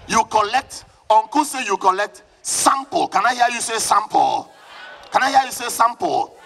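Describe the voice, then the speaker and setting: A man with a Nigerian accent preaching a live sermon at a church service, fervent and often shouting, calling on the congregation to answer him. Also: sits high. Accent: Nigerian English.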